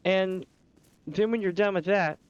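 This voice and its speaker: A man's voice: high-pitched, measured pace, muffled recording. A man streaming a game, chatting casually and telling rambling stories with laughter. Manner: rambling, animated storyteller who often laughs and slips into voices.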